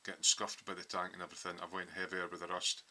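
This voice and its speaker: A man's voice: sits low, little pitch movement, fast, sharp tone. A man in a home hobby workshop, casually walking through his model build with lots of ums as he explains his thinking.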